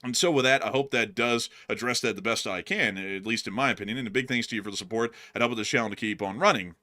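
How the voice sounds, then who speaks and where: A man co-hosting a casual live stream, answering a viewer's question in a brisk, analytical way with many fillers. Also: on the low side, pushed and bright. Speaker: co-host.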